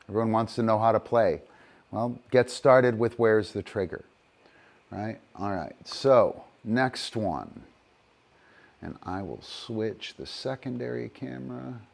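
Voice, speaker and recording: A middle-aged man teaching dog training live. He praises the dogs softly and then explains each game in a steady, unhurried way, moving nearer to and farther from the mic. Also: medium pitch, gravelly.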